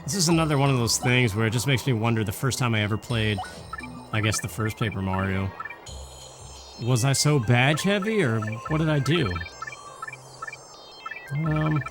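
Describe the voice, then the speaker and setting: A young man hosting a let's play, giving rambling, casual gameplay commentary and thinking aloud. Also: medium pitch. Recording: game music behind.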